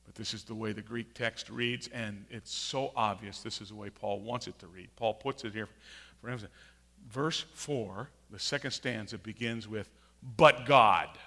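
A man preaching a sermon with emphatic, repeated phrases, swinging from quiet to loud. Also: lowish voice, steady tone, normal speed, creaky. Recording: long hall reverb.

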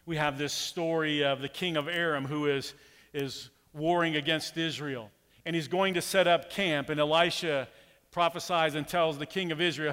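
Conversational pastor, high voice, hall echo. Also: male voice, normal speed, smooth. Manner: conversational, animated storytelling with acted quotes. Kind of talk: sermon. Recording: long hall reverb.

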